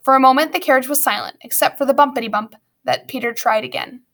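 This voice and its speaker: A woman reading a storybook aloud as narrator, with lively storytelling and wry asides. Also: high-pitched, quick pace. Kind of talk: audiobook narration.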